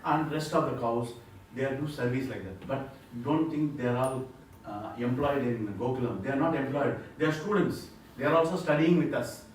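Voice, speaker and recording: A man's voice: medium pitch, normal speed, distant mic, a little hiss or hum. Man preaching in an echoey hall. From India. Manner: storytelling with acted quotes, preacher's rhetorical questions. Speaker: spiritual speaker. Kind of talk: devotional talk. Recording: echoey hall, mic heard from afar.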